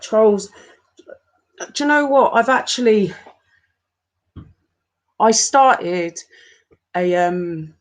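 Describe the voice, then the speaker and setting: A woman in her forties, talking to her viewers in an upset, halting rant, often stopping and repeating herself. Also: mid-range voice. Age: 40s. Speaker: YouTuber. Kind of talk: emotional live-stream rant.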